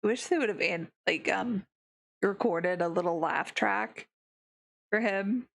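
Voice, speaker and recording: Streamer lady gushing at chat, slow talker, bit of vocal fry. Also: mid-range voice. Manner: gushing, excitable asides to chat. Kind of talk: casual gameplay commentary.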